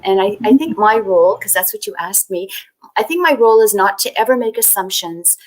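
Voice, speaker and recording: Library woman on a video panel, earnest, measured, mid pitch. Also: poor audio. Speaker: library representative. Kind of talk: panel discussion.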